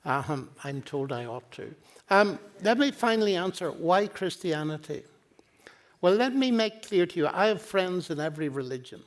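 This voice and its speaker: An older man lectures with earnest, pleading conviction, his voice sitting high for a man. He moves through stories and quoted exchanges in a university hall. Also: lively intonation, moderate pace. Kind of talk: public lecture on faith and science.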